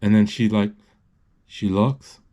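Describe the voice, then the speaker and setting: A man giving a halting, live play-by-play of a movie as he watches it, full of restarts and self-corrections. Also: on the low side, fairly even intonation, mellow, dull audio. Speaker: movie describer.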